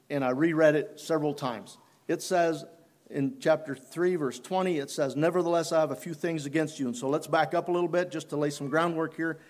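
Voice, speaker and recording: A man preaching a sermon in church, unhurried and halting, often restarting his phrases. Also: on the high side. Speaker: pastor.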